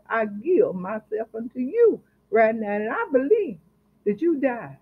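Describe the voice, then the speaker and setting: A woman minister preaching a sermon with fervent, emphatic delivery that rises and drops softly. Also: on the high side, sing-song, a little slow, slightly rough. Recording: tinny phone-line sound.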